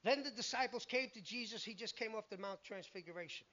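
A man's voice: high voice, quick pace, pushed and bright, muffled recording. A man preaching a sermon in an emphatic way, acting out the lines he quotes.

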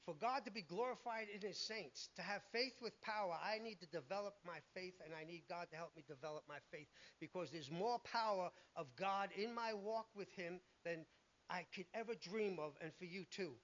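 A man's voice: high-pitched, normal speed, fairly bright tone, lo-fi sound. A man preaching a sermon in an emphatic way, acting out the lines he quotes.

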